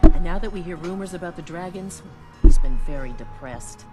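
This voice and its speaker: A woman's voice: lowish voice, moderate pace, natural voice. A woman voicing a fretful worried wife. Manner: anxious, weary. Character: worried townswoman fretting over her husband. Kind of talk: video game dialogue. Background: loud game music.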